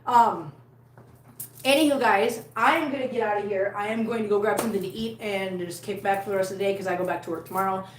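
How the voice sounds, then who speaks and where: A woman's voice: medium pitch, quick pace, roomy sound, slight background noise, poor audio. A woman chatting casually on a live stream from home, laughing often and cooing at her cats. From Missouri, USA. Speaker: cat vlogger.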